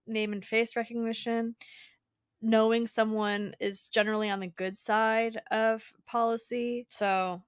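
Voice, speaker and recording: A woman's voice: a little high, little pitch movement, a little slow, clear, resonant tone, no echo, studio quality. A woman co-hosting a podcast, chatty and storytelling in tone. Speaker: podcast co-host. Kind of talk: casual political podcast chat.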